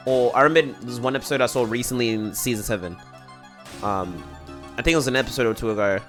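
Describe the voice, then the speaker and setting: Young guy streamer rambling to chat, mid pitch, um and like everywhere, bit of music faint behind. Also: fast talker. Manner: rambling, filler-heavy, answering chat. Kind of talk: casual chat with live viewers.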